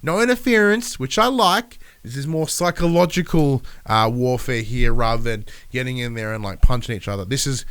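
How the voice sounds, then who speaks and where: A man with a stuffy nose and a smooth, clear voice, rambling through a solo recap. He swears freely and talks loosely, sounding a little under the weather. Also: mid-range voice, normal speed, hardly any pauses, fairly bright tone. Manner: rambling, swears, acts out wrestlers' lines. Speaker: podcast host.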